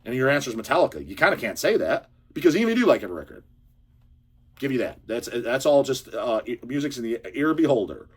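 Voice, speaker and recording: A husky-voiced man rants in a casual monologue, heated and profane. His pitch swings up and down as he pushes his point. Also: quick pace. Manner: profane, heated, animated ranting. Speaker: channel host. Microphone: handheld camera or phone.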